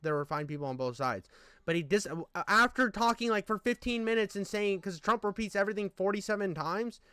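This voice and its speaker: A young man rants about a video in heated, profane casual commentary, exasperated and full of fillers and restarts. His high-pitched voice is sharp, clear and resonant, a little fast, with no echo.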